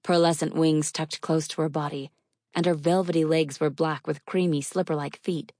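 A woman narrating a first-person novel in a measured, wry storytelling manner. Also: low voice, fairly even intonation, mellow, no room sound, clean studio sound. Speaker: audiobook narrator.

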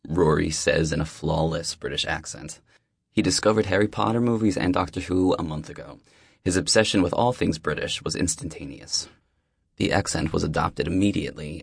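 A man narrates his own story in a first-person audiobook, reflective and quietly wry. His voice is very low, with a gravelly fry and a husky grain. The recording is close and completely dry. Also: dry recording.

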